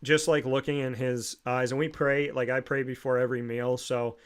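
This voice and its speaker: A man's voice: mid-range voice, little pitch movement, normal speed, clear, resonant tone. A man hosting an interview, telling a personal story in a casual, earnest and reflective way, often restarting his sentences. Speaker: podcast host.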